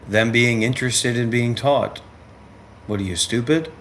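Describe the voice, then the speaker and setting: A man's voice: medium pitch, a little slow, a bit bright, a little hiss or hum. A man hosting a livestream who talks bluntly and combatively and trades insults. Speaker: livestream host. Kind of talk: livestream chat.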